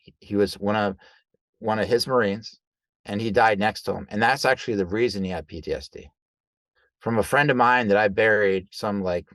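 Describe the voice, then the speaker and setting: A man, a guest coach, telling stories in a loose, conversational way, acting out quoted dialogue with lively jumps in voice. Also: lowish voice, no room sound. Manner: animated, acts out quoted dialogue; loose, conversational with fillers like right and like. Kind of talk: casual storytelling in an interview.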